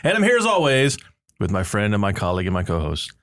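A man's voice: lowish voice, wildly swooping pitch, quick pace, fairly bright tone. A middle-aged man hosting a church podcast, bantering and reading listener reviews aloud with playful emphasis. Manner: playful, laughs often, reads aloud with mock emphasis. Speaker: podcast host, seminary professor.

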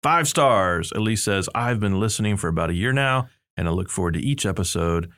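A man's voice: on the low side, animated, fairly quick, a bit bright. A middle-aged man hosting a church podcast, bantering and reading listener reviews aloud with playful emphasis. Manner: playful, laughs often, reads aloud with mock emphasis. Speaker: podcast host, seminary professor.

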